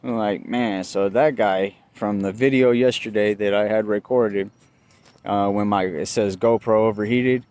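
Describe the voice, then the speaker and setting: A man recapping a run-in with police in a casual vlog, swearing freely and getting heated as he tells it. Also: a little mellow. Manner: profane, agitated storytelling, voice jumps high when quoting himself. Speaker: vlogger.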